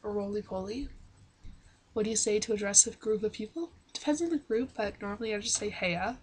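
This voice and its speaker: In a relaxed accent-challenge vlog recorded through a webcam mic, a Canadian woman from Manitoba reads out questions and gives straightforward answers. She speaks briskly in a medium-pitched voice that is slightly mellow and breathy.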